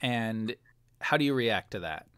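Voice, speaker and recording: A man's voice: mid-range voice, lively intonation, unhurried, a bit bright, clean tone, dry recording. A man narrating as game master in a tabletop game, rambling with many fillers.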